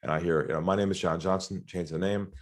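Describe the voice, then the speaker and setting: A middle-aged Australian sales trainer with a fairly low voice tells anecdotes in an interview at a quick pace. He's an animated storyteller who acts out quoted voices and laughs often.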